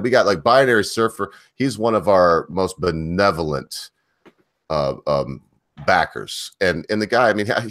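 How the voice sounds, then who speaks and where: A man's voice: low-pitched, a bit bright, dry recording, clean studio sound. A man co-hosting a casual livestream chat, rambling with many fillers and restarts. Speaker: livestream co-host.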